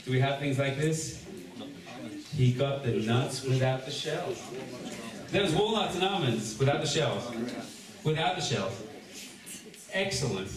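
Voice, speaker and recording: A man, a rabbi leading a seder, teaching a live gathering in a joking, energetic way and addressing the crowd directly. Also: mid-range voice, measured pace, pauses often. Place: large echoey room with a gathering. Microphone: distant room recording. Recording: echoey room recording from far off with background noise.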